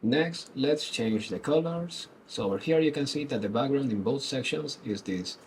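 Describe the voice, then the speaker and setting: A man presenting a screen-recorded web development tutorial, explaining each step calmly. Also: medium pitch, moderate pace, a little hiss or hum, poor audio.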